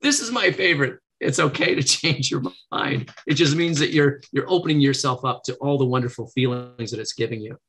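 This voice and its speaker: A man's voice: mid-range voice, steady tone, a little fast, few pauses, a bit bright. Earnest middle-aged man, motivational. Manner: earnest, motivational, acts out quotes in a lifted voice. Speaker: podcast guest, negotiation trainer. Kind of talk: casual interview.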